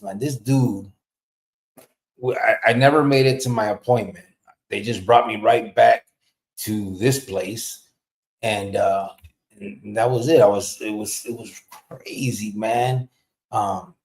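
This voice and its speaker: A man hosting a podcast, telling a story in a casual, profane, animated way. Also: mid-range voice. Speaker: podcast host. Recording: roomy echo.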